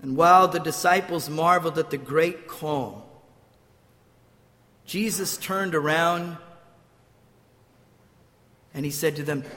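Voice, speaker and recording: A man's voice: a little high, takes it slowly, pauses often, pushed and bright, big-room sound. An older man preaching a sermon, telling stories with restarts and acting out quotes. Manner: storytelling with restarts, acts out quotes. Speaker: pastor.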